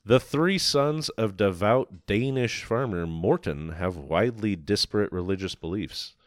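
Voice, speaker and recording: A man's voice: fairly low pitch, lively intonation, unhurried, no echo, clean studio sound. A man co-hosting a film podcast, chatting casually with enthusiasm and some swearing. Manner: enthusiastic, profane, rambling. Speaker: podcast co-host.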